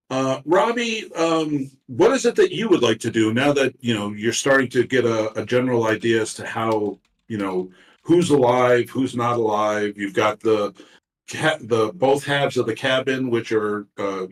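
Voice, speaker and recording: Man running a tabletop game, roomy echo. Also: mid-range voice. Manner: halting, many fillers and restarts. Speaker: game master. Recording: roomy echo, far from mic.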